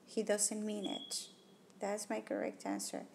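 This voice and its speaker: Her voice medium in pitch, sing-song, creaky, and darkish, a woman teacher moves a little slowly through a test-prep walkthrough, reasoning about each answer choice and striking them out one after another. Slight background noise comes through her tablet microphone.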